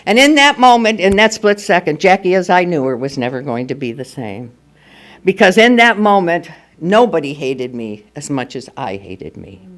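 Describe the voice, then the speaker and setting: A woman's voice: on the low side, big pitch swings, moderate pace. An older woman speaking at a recovery meeting, telling her personal story candidly and with humor. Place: meeting room at a school.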